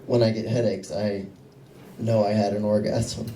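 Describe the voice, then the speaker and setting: A young man performing stand-up, his delivery deadpan and self-mocking. His voice has a mellow, dark tone, and it sounds echoey and distant, picked up in a small club room. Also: on the low side, moderate pace, slight background noise. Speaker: stand-up comedian. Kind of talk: stand-up comedy set.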